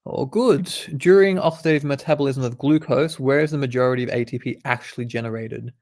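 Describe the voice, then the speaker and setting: A man's voice: medium pitch, quick pace, darkish tone. A young man, a medical student, reading quiz questions aloud and explaining the answers in a laid-back, casual way. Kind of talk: casual quiz study session.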